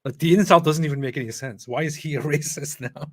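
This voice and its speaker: A man's voice: on the high side, fast talker, husky. Conversational man reacting to a debate clip. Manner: conversational, with fillers and restarts. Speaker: commentary channel host. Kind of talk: reaction commentary.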